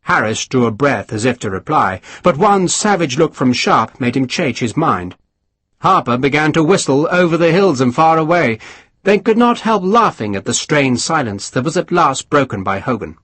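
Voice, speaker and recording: Husky, expressive male audiobook narrator. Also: on the high side, moderate pace, no echo. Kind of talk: scripted narration.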